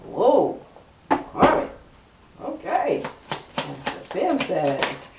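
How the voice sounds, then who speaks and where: A woman's voice: on the low side, moderate pace, creaky. Woman tarot reader, casual and teasing, echoey room recording with a faint hiss. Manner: chatty, teasing the cards, laughs often. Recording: echoey room, mic at a distance, faint noise.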